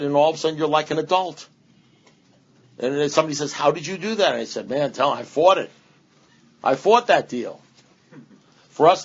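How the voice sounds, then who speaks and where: Blunt, rambling man speaking at a meeting. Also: a little high. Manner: rambling, blunt, punchy repetition, sarcastic asides. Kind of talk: recovery talk to a meeting. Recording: dull lo-fi meeting recording.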